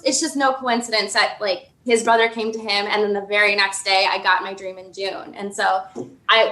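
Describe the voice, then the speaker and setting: A young woman in her twenties telling a personal story as a podcast guest, chatty and full of "like". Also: fairly high pitch. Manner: animated, filler-heavy storytelling with frequent "like". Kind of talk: casual storytelling. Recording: echoey room.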